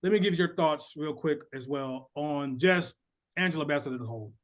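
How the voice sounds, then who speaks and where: A man hosting a casual movie review podcast, encouraging the others and quick to laugh. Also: on the high side.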